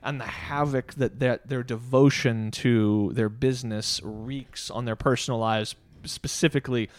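A man talking casually about a favorite movie as a podcast host, animated, laughing often and quoting lines in put-on voices. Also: medium pitch, measured pace.

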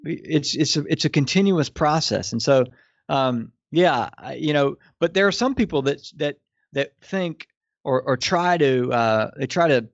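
A man's voice: a little high, lively intonation, a little slow, no room sound. A man from Louisiana, a business consultant, talking as an interview guest, telling stories and rambling with many restarts. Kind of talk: conversational interview. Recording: dull, lo-fi sound.

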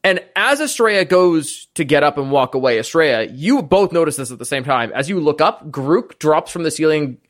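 A man's voice: a little high, expressive, moderate pace, hardly any pauses. A man running a tabletop game as game master, narrating casually with lots of fillers.

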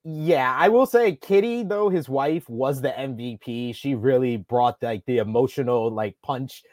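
A man's voice: mid-range voice, unhurried, a little mellow, no echo, studio quality. A man co-hosting a casual talk stream, giving rambling, opinionated takes as a reviewer. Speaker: podcast co-host and reviewer. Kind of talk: casual live-stream chat.

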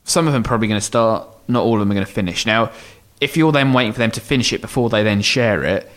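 Podcast co-host, male, lowish voice, casual advice-giving, lots of ums and self-corrections. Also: quick pace, fairly bright tone. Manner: rambling, thinks aloud with many ums and restarts. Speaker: podcast co-host answering listener questions. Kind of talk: casual explanatory chat.

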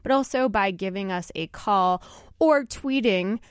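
A woman's voice: medium pitch, measured pace, clean tone, no room sound, studio quality. A woman hosting a radio talk show, upbeat and chatty, laughing often. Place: radio studio.

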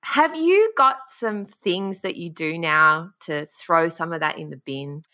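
Woman host, low voice with a crisp bright edge, engaged and agreeable. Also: expressive, a little slow. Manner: warmly agreeing, engaged listener. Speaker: interviewer. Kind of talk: conversational interview.

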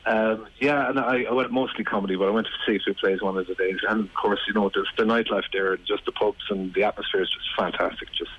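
Irish guy on the radio, talks fast, rambles and restarts a lot, cracks dad jokes. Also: on the low side, steady tone, slightly rough, lo-fi sound. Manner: rambling, self-deprecating, many restarts. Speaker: comedian and regular guest. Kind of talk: casual radio chat.

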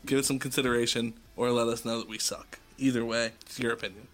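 A man's voice: medium pitch, little pitch movement, fast talker, soft background music. A man with a Boston accent hosting a podcast in loose, joking, profane casual chat. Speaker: podcast host.

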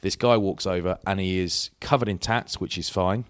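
His voice sits low and moves at a moderate pace as this middle-aged podcast co-host chats casually, spinning rambling stories full of self-interruptions. It's studio quality with no room sound.

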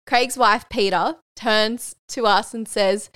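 A woman's voice: on the high side, steady tone, slow, fairly bright tone, no echo, studio quality. A young woman, hosting a podcast and telling a personal story candidly, swearing casually and getting emotional. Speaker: podcast host.

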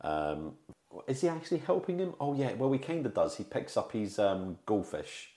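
A man's voice: medium pitch, very animated, moderate pace, mellow. A man co-hosting a film podcast, recounting the plot in casual chat with frequent fillers and self-corrections. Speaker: podcast co-host. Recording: roomy echo.

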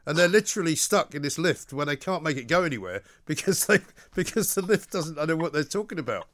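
A man's voice: fairly high pitch, expressive, brisk, a bit bright. A man with a Southeast English accent, hosting a talk radio show, wry and opinionated in conversation.

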